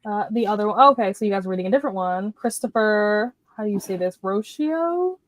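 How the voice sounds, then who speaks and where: A woman's voice: medium pitch, steady tone, fast talker, no echo. A woman in her thirties hosting a casual livestream, greeting viewers by name as she chats about books. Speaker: livestream host.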